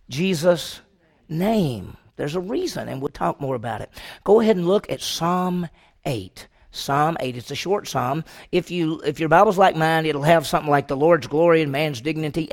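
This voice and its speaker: A man teaching a Sunday school Bible class, emphatic and prone to restarts, often putting rhetorical questions to the class. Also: fairly high pitch. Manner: frequent restarts and repeated words.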